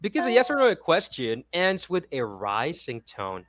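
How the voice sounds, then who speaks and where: A woman's voice: deep voice, wildly swooping pitch, moderate pace, dry recording, clean studio sound. Giggly Filipino woman reading quiz items. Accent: Filipino English. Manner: cheerful, giggly, reads quiz items aloud. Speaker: online reading tutor. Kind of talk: playful co-hosted lesson.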